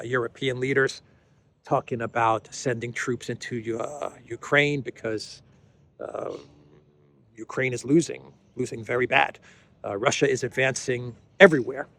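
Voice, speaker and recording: Man, political commentary host, casual, filler-heavy, wry asides. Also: mid-range voice. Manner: conversational, many fillers, dry sarcastic asides.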